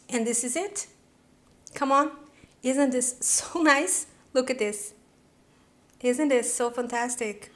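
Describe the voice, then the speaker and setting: A woman's voice: high voice, measured pace, long pauses. Bubbly woman hosting a cooking show. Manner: enthusiastic, exclamatory, chatty. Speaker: cooking channel host. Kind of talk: cooking demonstration.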